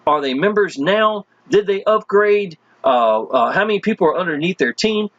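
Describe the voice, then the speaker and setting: A man giving a casual, enthusiastic sales pitch as he walks through web pages, speaking folksy and chatty. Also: animated, normal speed, fairly bright tone, no echo, lo-fi sound. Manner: folksy and enthusiastic, constantly addressing listeners as "y'all". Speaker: online marketing promoter.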